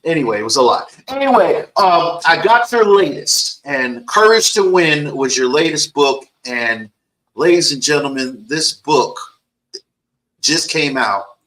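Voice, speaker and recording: Bright-toned joking male host. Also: a little high, unhurried, low-quality recording. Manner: animated, joking, stumbles and repeats words. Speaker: interview host. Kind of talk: casual interview chat.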